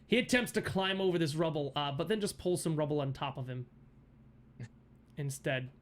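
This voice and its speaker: A male game master narrates a tabletop game on a livestream, his voice sitting a bit higher than most men's. He giggles often and rambles through ums and half-started phrases as he describes the action. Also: lively intonation, normal speed.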